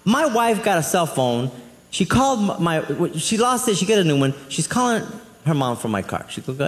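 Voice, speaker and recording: A man doing a live stand-up routine, telling stories with an animated, exasperated delivery. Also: fairly high pitch, normal speed. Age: adult. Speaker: stand-up comedian. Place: comedy club stage. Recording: reverberant hall, faint audience.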